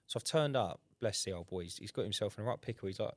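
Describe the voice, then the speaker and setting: A man, co-hosting a casual podcast and telling animated stories, acting out customer dialogue. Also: fairly low pitch, fast talker, no room sound. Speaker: podcast co-host, window cleaner. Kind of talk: casual chat.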